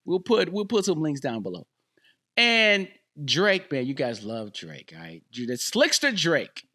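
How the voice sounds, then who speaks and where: A man's voice: on the high side, huge pitch swings, unhurried, sharp tone. A man hosting a podcast, talking through his views in a casual, joking way and repeating lines to drive a point home. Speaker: podcast host. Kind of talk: casual solo commentary.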